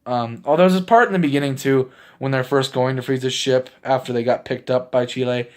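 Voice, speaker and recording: A man casually recapping a movie for his channel, rambling with lots of fillers and breaking into laughs as he gets excited. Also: mid-range voice, fairly quick. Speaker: movie reviewer.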